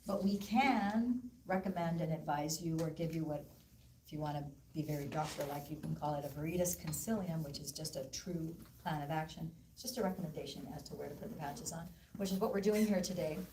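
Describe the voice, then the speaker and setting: A woman presenting at a live wellness event, telling a story to an audience in an animated way and acting out the voices of the people she quotes. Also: deep voice, fairly quick, a little hiss or hum. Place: event room. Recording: echoey room, voice from far off.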